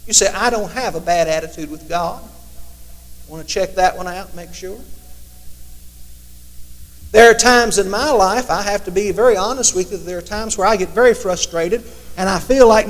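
A man's voice: high voice, moderate pace, pauses often. A man preaching a sermon in a conversational way, now and then acting out imagined prayers to God. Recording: long hall reverb.

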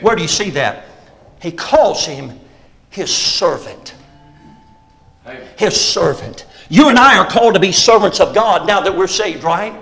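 Fervent high-voiced preacher man. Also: expressive, moderate pace, soft background music, low-quality recording. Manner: fervent preaching, rising and shouting on key phrases. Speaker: pastor. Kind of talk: sermon.

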